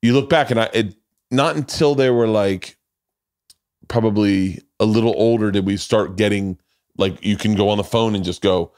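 A man's voice: on the low side, normal speed, a little mellow, no echo, clean studio sound. A man in his forties hosting a podcast, chatting casually, rambling through stories, swearing freely and acting out quotes. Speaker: podcast host. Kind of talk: casual chat.

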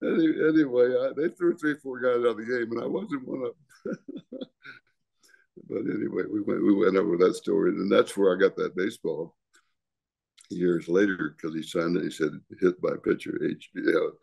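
An older man with a very low, gravelly voice spins salty stories and chuckles between lines. His talk is loose and conversational, full of rough language. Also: steady tone, normal speed, a little mellow. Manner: profane, chuckling storyteller. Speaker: retired baseball pitcher. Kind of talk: casual storytelling interview.

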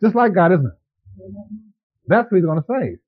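A man with a notably high voice preaches a sermon, keeping it conversational and turning to the congregation with quick questions. The recording is dull and lo-fi, like an old tape of a church service. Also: very animated, slightly rough. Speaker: pastor.

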